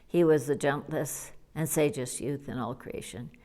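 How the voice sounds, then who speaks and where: A woman's voice: sits low, normal speed, dark tone, natural voice. A woman reading the sorrowful, grim lines of a grieving old male divine craftsman, as an audiobook character voice.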